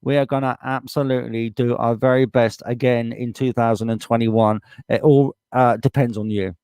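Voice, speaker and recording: A man's voice: medium pitch, fairly even intonation, normal speed, darkish tone, smooth, no room sound, clean studio sound. A man with a British accent hosting a live stream, reading out viewer comments in a casual, blunt way and swearing freely as he gets heated. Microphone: desktop USB microphone.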